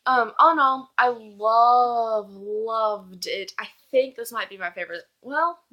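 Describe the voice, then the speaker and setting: A woman's voice: fairly high pitch, takes it slowly, pushed and bright. A young woman chatting casually in a book review vlog, gushing and acting out characters' lines.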